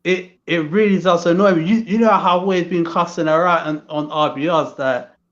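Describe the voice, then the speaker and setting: A man talks over a video call, his voice a touch high for a man. He hesitates, with fillers and repeated words as he works out his point. The audio is muffled and echoes as if in a bare room. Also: steady tone, a little fast, a bit bright. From England. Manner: hesitant, many restarts and fillers. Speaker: guest. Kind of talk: casual chat.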